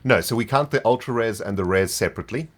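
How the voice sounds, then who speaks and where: A man's voice: lowish voice, fast, fairly bright tone. A man with a South African accent chatting casually as a guest player, patiently explaining game rules with easy laughs and trailing fillers.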